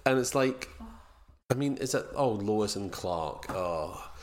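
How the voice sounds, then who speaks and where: A man's voice: fairly low pitch, lively intonation, slow pace. A man co-hosting a casual film review podcast, rambling and retelling scenes in quoted voices. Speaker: podcast co-host.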